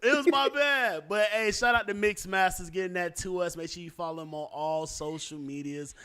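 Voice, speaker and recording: A man's voice: sits high, normal speed, pushed and bright, smooth. A young man hosting a casual podcast chat, talking loosely with lots of fillers and restarts. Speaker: podcast host.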